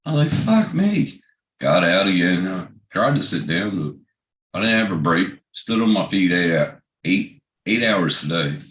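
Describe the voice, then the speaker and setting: A man's voice: sits low, animated, normal speed, fairly bright tone. A man hosting a livestream, chatting casually, swearing a lot and telling work stories loosely. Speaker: livestream host. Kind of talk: casual chat. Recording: roomy echoey sound.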